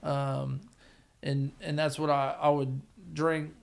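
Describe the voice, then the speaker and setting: Gravelly man telling a blunt story. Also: fairly high pitch, level tone, takes it slowly. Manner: blunt, profane, rambling recovery story. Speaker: podcast guest. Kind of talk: casual storytelling.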